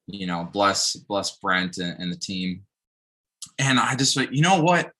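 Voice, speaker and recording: Man, bright tone, lowish pitch, earnest, lots of fillers, casual podcast chat. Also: sing-song, measured pace, poor audio. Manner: earnest, uses many fillers. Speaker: podcast co-host, campus minister.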